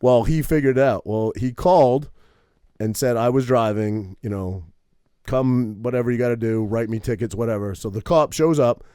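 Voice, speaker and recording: A man's voice: medium pitch, normal speed, smooth, no echo. Profane storytelling man, dry close mic. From Maine. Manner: profane, animated storytelling with many "right?" tags. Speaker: podcast co-host. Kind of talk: casual storytelling.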